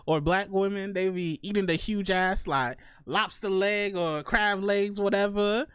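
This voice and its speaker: Give me a young man chatting casually on a podcast, slangy and animated, a bit high, recorded dry. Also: unhurried, clean tone, dry recording. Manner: slangy, animated storytelling with laughs. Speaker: podcast host. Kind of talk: casual chat.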